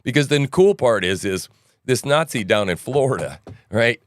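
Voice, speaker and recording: A man's voice: medium pitch, animated, moderate pace, no echo. A male podcast host with a morning voice, rambling through casual livestream news commentary and tossing in "right?" asides and jokes.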